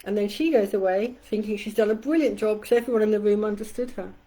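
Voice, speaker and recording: Middle-aged woman coach with a warm, mellow voice. Candid and conversational, swears now and then. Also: fast, rough recording. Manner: acts out quoted voices with shifts in pitch and loudness. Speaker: community coach. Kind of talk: casual live-stream talk.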